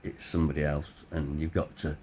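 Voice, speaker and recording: A middle-aged man telling his own story in a blunt, candid way, swearing freely, his voice tired and hoarse. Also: very deep voice, flat delivery, brisk, dark tone, slight background noise. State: hoarse, voice tiring. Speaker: vlogger. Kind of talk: personal storytelling.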